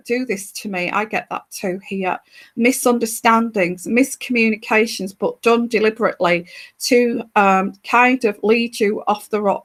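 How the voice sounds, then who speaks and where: Woman tarot reader with a slightly high voice, podcast reading, halting delivery with lots of fillers and self-corrections. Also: fairly bright tone. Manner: halting, many fillers and restarts, speaking to the listener.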